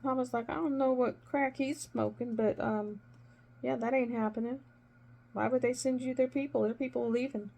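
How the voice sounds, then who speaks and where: A middle-aged woman and former nurse chatting casually while she crafts, retelling conversations with emphatic, animated delivery. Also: a little high, normal speed, vocal fry.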